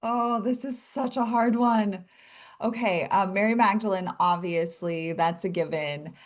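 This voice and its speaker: A woman guest author chatting in an interview, animated and gushing, laughing often as she talks. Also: mid-range voice, a little slow. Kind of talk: casual interview chat.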